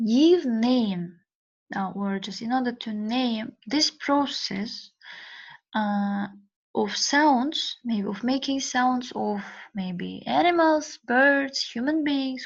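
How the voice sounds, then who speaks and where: A woman with an Uzbek accent giving a lecture presentation, hesitant, with many fillers and frequent "yes?" checks for agreement. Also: on the high side. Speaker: teacher. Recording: dull lo-fi recording.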